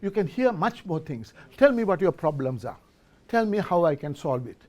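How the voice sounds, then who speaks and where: A middle-aged man with a voice on the high side, very animated and a little mellow, speaks at a moderate pace. Standing before a live audience in an event hall as a business forum speaker, he gives a motivational talk, quizzes the audience, and often restarts his words.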